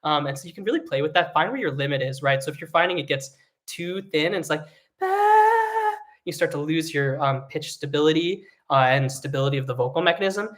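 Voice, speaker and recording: A singing teacher giving an online vocal lesson, explaining technique in a relaxed way with frequent fillers. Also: medium pitch, quick pace.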